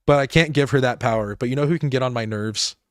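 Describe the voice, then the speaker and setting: A man's voice: mid-range voice, fast talker, no echo, studio quality. A man streaming a game live, rambling and laughing as he talks to his chat.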